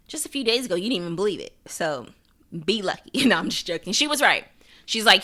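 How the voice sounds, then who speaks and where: Chatty bright-voiced woman podcaster. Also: medium pitch, expressive, fairly quick. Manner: chatty, laughs often, acts out quotes. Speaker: podcast host. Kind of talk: casual episode recap.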